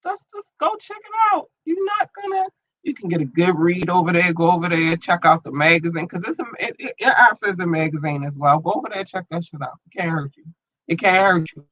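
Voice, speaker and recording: A man's voice: fairly high pitch, fast, bright, forceful tone, no room sound, muffled recording. A man hosting his own podcast in loose, rambling slang, filled with ums, talking through an irritated, watering eye. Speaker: podcast host. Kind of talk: casual solo podcast chat.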